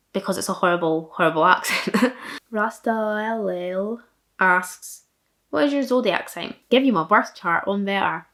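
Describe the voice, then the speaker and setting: A young woman from Fife, Scotland, with a thick Fife accent, answers viewer questions in a casual vlog. She's chatty and self-deprecating, full of likes and laughs, with a medium-pitched, fairly bright voice.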